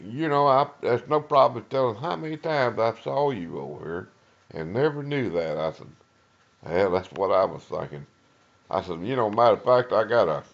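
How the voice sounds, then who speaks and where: With a gravelly, lowish voice, this older East Texas man recounts his life as a retired lawman and Vietnam veteran in oral-history style. He rambles and halts with frequent uhs, voicing the people in his story, and his Southern accent comes through a recording with the highs cut off.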